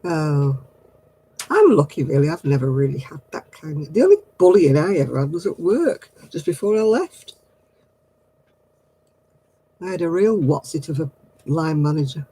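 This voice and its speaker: A woman's voice: low voice, lively intonation, moderate pace, long pauses, dark tone, breathy edge, low-quality recording. A woman, chatting casually with viewers on a craft livestream, laughing often and dropping homely exclamations. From northern England.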